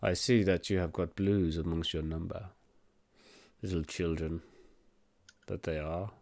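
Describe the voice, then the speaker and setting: Haughty ancient blue dragon voiced by a man, very deep, slow grand pronouncements. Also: fairly even intonation, vocal fry, darkish tone, dry recording. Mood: condescending. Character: huge ancient male blue dragon, proud and condescending.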